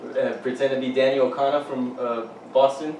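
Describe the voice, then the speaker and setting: A man in casual podcast banter, swearing loosely as he riffs with a friend. He is at middling pitch, set back from the mic in a room that rings noticeably, with a faint hiss underneath. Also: flat delivery, a little fast, a little mellow. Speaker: podcast co-host. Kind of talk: casual chat. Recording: roomy, distant mic.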